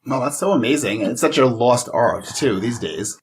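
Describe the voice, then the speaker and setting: A male co-host keeps the interview moving with short, interested prompts. His voice is husky and his pitch moves a lot. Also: expressive, moderate pace. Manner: encouraging, short interested responses. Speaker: podcast co-host. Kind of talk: casual interview.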